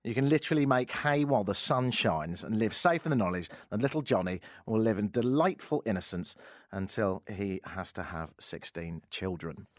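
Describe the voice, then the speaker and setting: A man's voice: lowish voice, animated, normal speed, dry recording, studio quality. Wry man hosting radio. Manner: wry, sarcastic, rambling. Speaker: radio talk show host. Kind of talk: casual radio chat. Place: radio studio. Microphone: studio microphone.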